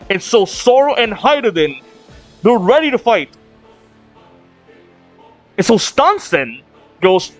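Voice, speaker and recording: A man hosting a manga reaction video, reading panels aloud with sudden excited outbursts. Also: high-pitched, moderate pace. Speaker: reaction channel host. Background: faint drum music.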